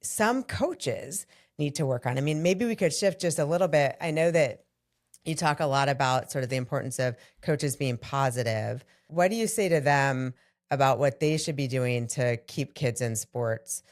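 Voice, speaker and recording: A woman's voice: a bass voice, moderate pace, darkish tone. A woman hosting a podcast interview, an affirming listener who often chimes in with agreement before asking her questions. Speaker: podcast host. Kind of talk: conversational interview.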